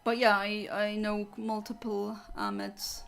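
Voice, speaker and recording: A woman's voice: mid-range voice, unhurried, gravelly, faint music behind. A woman chatting casually with her viewers during a game livestream, rambling and answering chat. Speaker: streamer.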